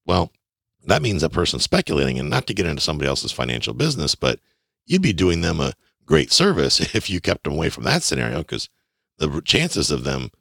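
Very deep gravelly man teaching. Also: a little fast, no room sound, studio quality. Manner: folksy, animated, acts out dialogue. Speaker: real estate investing teacher. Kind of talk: instructional talk.

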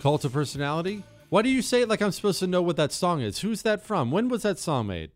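A man's voice: sits high, big pitch swings, quick pace, hardly any pauses, no echo. A man in his forties hosting a talk radio show, delivering a monologue with joking, self-mocking banter.

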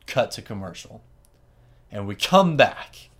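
A man hosting a podcast, telling a story in an animated, wry, casual way and laughing often. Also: lowish voice, normal speed, a little hiss or hum. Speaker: podcast host.

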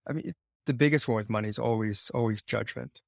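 A man's voice: mid-range voice, fast talker, creaky, dry recording, clean studio sound. A man who is a guest author on a podcast, speaking earnestly and repeating phrases to drive his point home. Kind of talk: conversational podcast interview.

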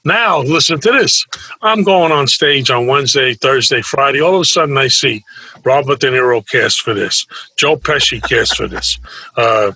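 A man's voice: mid-range voice, expressive, normal speed, pushed and bright, breathy edge, dry recording, rough recording. A man telling stories as an interview guest, a brash wisecracker who acts out the people he quotes. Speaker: guest, actor and nightclub performer. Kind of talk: casual anecdotal storytelling.

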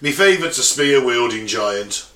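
A man's voice: mid-range voice, animated, moderate pace, pushed and bright. A man co-hosting a podcast, bantering in a crude, jokey way, from England. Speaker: podcast co-host. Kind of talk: casual banter. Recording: echoey room.

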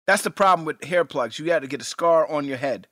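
Guy cohosting a podcast, loose chatty and animated, bright voice, dry close mic. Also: a little high, brisk, no echo. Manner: animated, laughs often, rewatch commentary. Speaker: podcast co-host. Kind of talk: casual chat.

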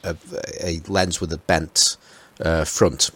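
Low-voiced hesitant man hosting. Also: flat delivery, slow, fairly bright tone. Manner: hesitant, many fillers and restarts. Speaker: podcast host. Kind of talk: casual group chat.

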